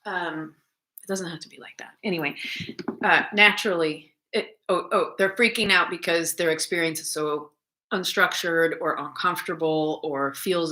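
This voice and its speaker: A woman muses out loud about dog behavior, rambling and swearing as she goes. Her voice sits lowish but sounds bright and edged, with a tense, crisp bite. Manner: rambling, swears freely, laughs often. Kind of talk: casual thinking-aloud monologue.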